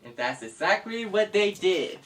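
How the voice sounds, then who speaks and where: A man narrating a homemade story for a vlog in a slow, animated way. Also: sits high. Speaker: vlogger and storyteller. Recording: distant mic with background noise.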